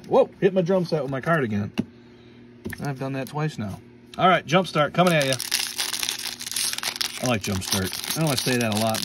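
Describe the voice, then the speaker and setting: A man's voice: medium pitch, distant mic, noisy background. A man casually opening trading card packs on camera, reading out card names, tripping over some of them and making playful jokes. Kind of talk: casual pack-opening commentary.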